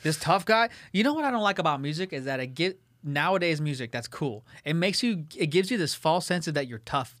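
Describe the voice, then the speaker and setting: A young man co-hosting a podcast, ranting in an animated way and swearing heavily in casual banter. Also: a little high, brisk, hardly any pauses, dry recording. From Italian-American family. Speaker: podcast co-host.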